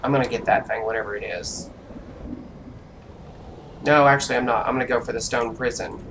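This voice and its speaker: A streamer giving live commentary on an online role-playing game, grumbling and talking to themselves with quick reactions. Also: mid-range voice, creaky, background noise.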